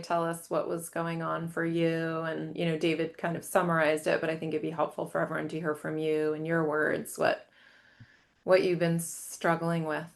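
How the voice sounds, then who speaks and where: A woman's voice: low voice, gravelly. A woman therapist co-leading a live session, encouraging and reassuring the volunteer. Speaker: therapist, co-host.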